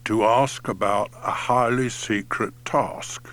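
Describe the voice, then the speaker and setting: Man putting on a storybook tortoise, male, old, scheming, low voice, very slow, sly. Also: fairly even intonation, a bit bright. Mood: sly, deliberate.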